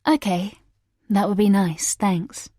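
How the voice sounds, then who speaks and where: A woman voicing an irritable, scheming young mother in an audiobook, with a sharp, sarcastic manner. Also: mid-range voice, fairly even intonation, slow pace, no echo, studio quality. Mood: guarded.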